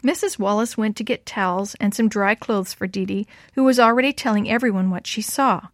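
A woman narrating a children's story aloud in a clear, steady way. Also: mid-range voice, a little fast, hardly any pauses, no echo, clean studio sound.

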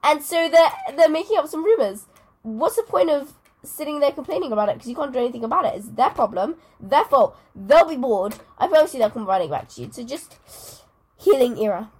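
A woman's voice: sits high, sing-song, a little fast. A teenage girl co-hosting a podcast, chatting in a rambling, giggly way. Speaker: podcast co-host. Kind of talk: casual chat.

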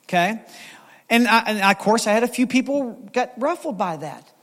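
A man preaching a sermon as lead pastor, animated and storytelling, with acted quotes. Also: very high-pitched, fairly quick, in a large hall.

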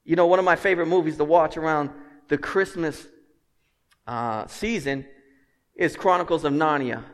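A man preaching a sermon as pastor. He swings from hushed, earnest passages to loud, emphatic ones and jokes with the congregation. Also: fairly high pitch, moderate pace. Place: church sanctuary. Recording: long reverb of a large hall.

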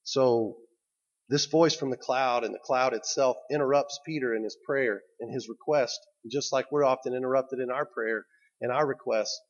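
A man's voice: medium pitch, steady tone, normal speed, dull audio. A man preaching a sermon as a pastor. He tells the story to his listeners and keeps drawing them in with "right?".

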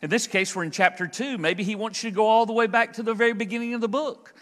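A man preaching a conversational, emphatic expository sermon as pastor, slowing down to stress key phrases. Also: high voice, steady tone, fairly bright tone, big-room sound. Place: church sanctuary.

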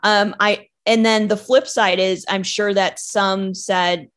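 A woman's voice: medium pitch, steady tone, takes it slowly, a bit bright. A woman who runs a recruiting business speaks as a podcast guest. She talks candidly and chattily, often stumbling at the start of her sentences. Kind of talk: casual interview chat.

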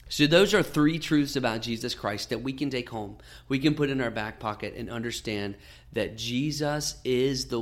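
A man in his thirties giving an earnest, gentle devotional sermon as a podcast host, often dropping to soft tones. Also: fairly low pitch, creaky.

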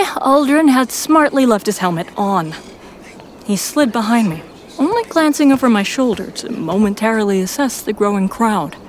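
A woman narrating a first-person fan audio drama in a steady storytelling manner. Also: medium pitch, slight background noise, rough recording.

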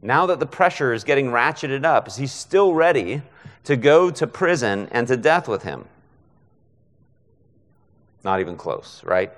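A man's voice: mid-range voice, sing-song, a little slow, pauses often, fairly bright tone, in a large hall. A man preaching a conversational expository sermon as a guest preacher, often checking in with listeners by asking "right?". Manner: conversational, frequent rhetorical "right?".

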